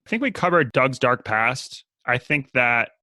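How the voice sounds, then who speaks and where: A man's voice: medium pitch, very animated, unhurried, sharp tone, dry recording. A man, co-hosting a casual book podcast, joking and swearing casually. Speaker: podcast co-host. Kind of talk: casual chat.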